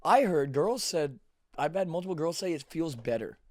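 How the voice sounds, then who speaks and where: A man's voice: a little high, animated, normal speed, no room sound, studio quality. A man hosting a casual podcast, blunt and crude, joking as he recaps a show. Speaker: podcast host.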